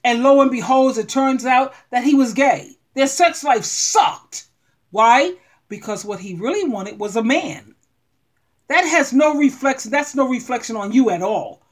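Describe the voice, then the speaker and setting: A middle-aged woman giving blunt, animated relationship advice straight to her viewers. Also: high-pitched, measured pace. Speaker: advice vlogger. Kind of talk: frank advice monologue.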